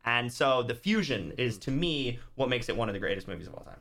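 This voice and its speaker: A man's voice: medium pitch, big pitch swings, quick pace, a bit bright, a little hiss or hum. A man guest on a podcast, talking casually and acting out movie scenes in quoted voices. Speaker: podcast guest, YouTuber and author. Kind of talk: casual chat.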